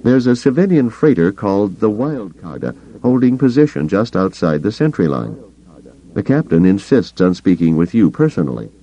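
A man voicing a military communications officer with a brisk, clipped delivery. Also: sits low, very animated, mellow, dull audio, voice pushed up.

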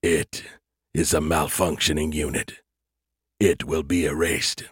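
Man voicing menacing alien beings, deep, slow, quiet, ominous, husky. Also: little pitch movement, no room sound, clean studio sound, full character voice. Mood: contemptuous.

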